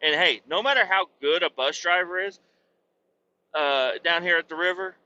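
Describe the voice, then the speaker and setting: A man's voice: sits high, moderate pace, pushed and bright, lo-fi sound. A man hosting a podcast and telling a rowdy, profane, rambling comic story. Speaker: podcast host.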